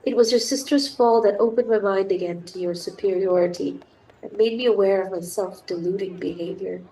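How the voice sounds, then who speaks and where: A woman's voice: mid-range voice, a little fast, mellow, poor audio. A young woman with a cold, streaming a dating sim and reading its text aloud with chatty, gushing asides. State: has a cold. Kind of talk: reading game text aloud with casual commentary.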